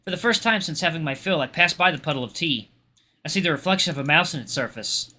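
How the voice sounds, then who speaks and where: Lively young man reading a game aloud. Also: fairly high pitch, fast. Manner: expressive, lively reading with laughs. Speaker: gaming YouTuber. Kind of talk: reading a visual novel aloud with asides.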